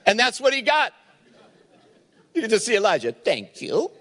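A man's voice: extremely high pitch, very animated, moderate pace, fairly bright tone, some chatter behind. A man preaching a sermon as pastor, retelling a Bible story and acting out the voices in it.

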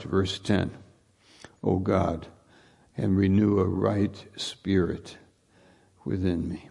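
A male preacher delivers a sermon in a low, gravelly voice. He talks at an unhurried pace, circling back over his points earnestly and rising into emphatic lines. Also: fairly even intonation, mellow.

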